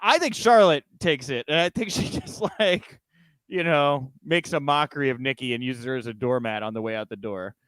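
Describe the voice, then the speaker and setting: A man hosting a podcast in a relaxed, chatty way, full of quick asides and laughs. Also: medium pitch, clear, resonant tone, no room sound. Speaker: podcast host. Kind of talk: casual chat.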